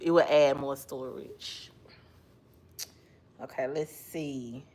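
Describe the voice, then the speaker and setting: A woman's voice: very deep voice, steady tone, slow, darkish tone. A woman hosting a casual livestream chat, sleepy and yawning, laughing often as she talks with someone beside her. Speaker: livestream host.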